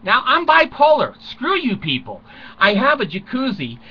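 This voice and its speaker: A man's voice: very high-pitched, wildly swooping pitch, moderate pace, slightly rough, highs cut off. An older man rambling through a crude, self-mocking comic monologue from a small closet at home, chuckling often. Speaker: vlogger.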